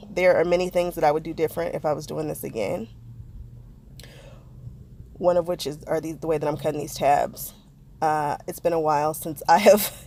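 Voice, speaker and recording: A crafting vlogger chats casually with her viewers while narrating a craft project, teasing herself about her own mistakes. Her voice is lowish and creaky with a warm tone. There's slight background noise.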